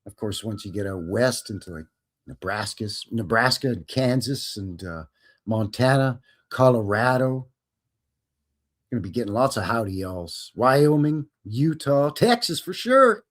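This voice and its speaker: Male live-stream host, chatty and jokey, with a voice that swings freely up and down at a mid pitch. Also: animated, unhurried. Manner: joking, rambling, slips into silly voices. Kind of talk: casual live-stream chat.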